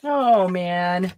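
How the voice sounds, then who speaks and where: A woman's voice: on the low side, a little mellow. A woman hosting a casual craft tutorial. She chats, giggles often and thinks aloud while she demonstrates. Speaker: craft channel host.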